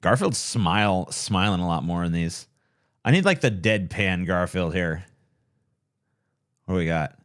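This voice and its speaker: A man chats on a late-night livestream in a rambling, casual way, swearing often and poking fun at himself. His voice sits fairly low for a man. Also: animated, measured pace, long pauses, a bit bright. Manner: rambling, profane, self-deprecating. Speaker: streamer.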